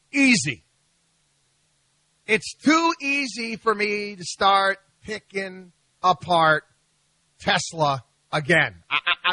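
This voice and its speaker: High, bright-voiced male radio host. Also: no echo. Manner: animated, mocking storytelling with frequent restarts. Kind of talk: opinionated talk radio monologue.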